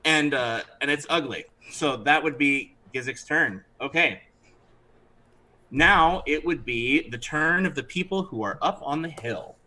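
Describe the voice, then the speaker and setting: A man narrating as dungeon master of a tabletop game, animated and throwing in character voices. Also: on the high side, measured pace, rough recording.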